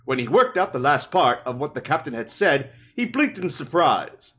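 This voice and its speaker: A man reading a fantasy novel aloud for a podcast, with expressive storytelling. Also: fairly high pitch, normal speed, breathy edge. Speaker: podcast reader.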